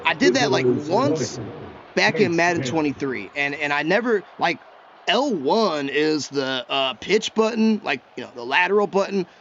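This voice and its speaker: Excitable male gameplay commentator, high voice, self-talk style; slightly muffled recording with faint background noise. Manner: chatty, excitable, talks to himself while he plays. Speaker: gaming YouTuber.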